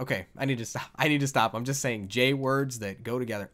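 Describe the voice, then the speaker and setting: A man's voice: medium pitch, lively intonation, fairly quick, few pauses, a bit bright. A man giving casual, jokey gameplay commentary while playing a wrestling video game, swearing and rambling.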